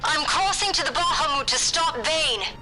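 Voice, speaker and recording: A man's voice: extremely high pitch, normal speed, over music, poor audio. An earnest young boy lord.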